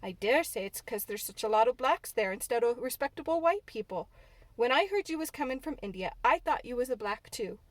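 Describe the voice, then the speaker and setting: A woman's voice: fairly high pitch, lively intonation, fairly quick, no echo, lightly acted. A woman voicing a young, chatty, good-natured housemaid with a broad Yorkshire accent. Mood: blunt. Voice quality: broad dialect, homely and frank.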